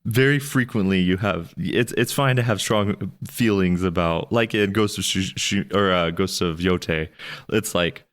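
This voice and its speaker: A man co-hosting a podcast, chatting casually about a movie, rambling and restarting with sudden animated jumps in pitch. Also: measured pace. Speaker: podcast co-host. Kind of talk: casual movie review chat.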